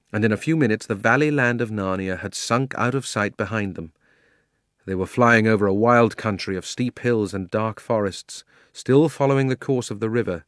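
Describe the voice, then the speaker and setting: A man narrating a children's audiobook with measured storytelling. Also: fairly low pitch, no room sound, clean studio sound. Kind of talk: scripted narration.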